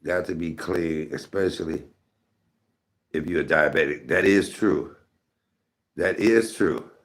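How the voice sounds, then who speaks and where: A man's voice: rumbling low, unhurried. A middle-aged man hosting a live stream, telling rambling, candid stories and talking to his chat. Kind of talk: casual storytelling to viewers.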